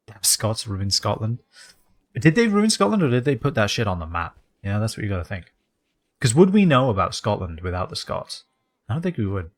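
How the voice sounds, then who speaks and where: Lively man rambling over a game. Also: lowish voice, a little fast. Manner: rambling and jokey, drifting into put-on accents. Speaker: game streamer. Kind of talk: casual let's-play commentary.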